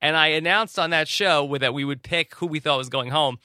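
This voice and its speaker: A man's voice: a little high, brisk, sharp tone, dry recording, clean studio sound. A man hosting a podcast, talking in a conversational, explanatory way. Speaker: podcast host. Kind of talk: podcast monologue.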